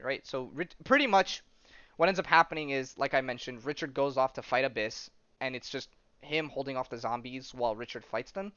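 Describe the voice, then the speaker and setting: A man's voice: mid-range voice, brisk, sharp tone, clear, resonant tone, no echo, muffled recording. A man hosting a podcast, rambling through a comic story in casual chat and acting out the characters' lines with lots of fillers. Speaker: podcast host.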